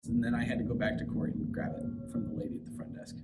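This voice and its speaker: A man's voice: medium pitch, level tone, quick pace. A young man giving casual, offhand interview answers in everyday slang. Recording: echoey, far from the mic, loud background noise.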